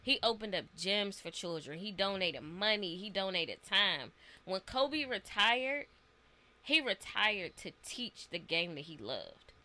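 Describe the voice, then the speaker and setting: A woman's voice: medium pitch, big pitch swings, unhurried, pushed and bright. A woman who is a parent, earnestly telling a personal story in a casual podcast chat and acting out the dialogue. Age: adult parent.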